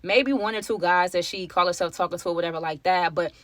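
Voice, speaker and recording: A woman's voice: fairly low pitch, fast talker, fairly bright tone, dry recording. A young woman telling a personal story to her viewers in a casual, chatty way, often calling them y'all. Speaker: storytime vlogger.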